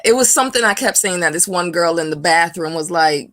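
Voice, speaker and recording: A woman from the northern US talking as a guest on a casual video call, halting with fillers and laughing as she goes. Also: fairly low pitch, animated, fairly bright tone, no echo, clean studio sound.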